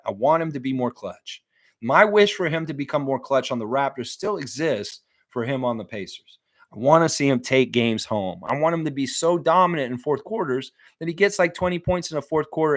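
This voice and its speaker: A man's voice: medium pitch, fairly bright tone. A man hosting a live stream, chatting casually and reading viewer comments aloud between rambling thoughts. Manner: rambling, reads chat aloud, laughs often.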